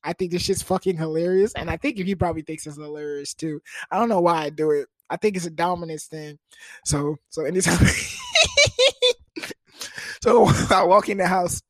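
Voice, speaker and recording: A man in his twenties telling a comedic story casually, animated and profane with lots of fillers. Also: fairly high pitch, fairly quick, dry recording.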